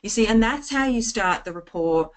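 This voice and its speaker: A woman giving an informal sales training talk, full of anecdotes, chatty and lively, restarting her phrases often. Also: medium pitch, normal speed. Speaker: network marketing trainer.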